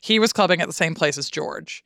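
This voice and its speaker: A woman guest on a podcast, chatting casually and ranting with lively, sweary indignation. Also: low voice, fairly quick, dry recording, clean studio sound. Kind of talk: casual chat.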